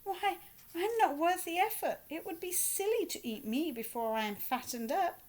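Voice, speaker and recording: A woman voicing a timid little billy goat who bargains in a high, pleading voice. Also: animated. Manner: high, pleading and quick-talking.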